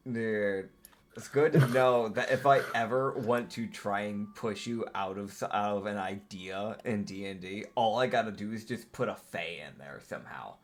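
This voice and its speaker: A man's voice: on the low side, normal speed, a little hiss or hum. A young man acting as game master, chatting casually, laughing often and swearing freely. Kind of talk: casual tabletop game chat.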